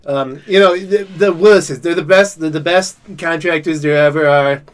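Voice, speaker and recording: A man doing an impression of a boastful older male politician who rambles and repeats himself in a slightly raised, louder voice. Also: a little high, moderate pace, lightly acted. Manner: rambling, self-praising, repetitive phrasing.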